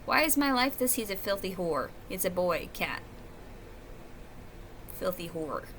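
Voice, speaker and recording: A woman's voice: mid-range voice, big pitch swings, measured pace, a bit bright, a little hiss or hum. A woman talking to camera at home in a rambling, profane, confessional monologue. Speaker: vlogger. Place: at home, indoors.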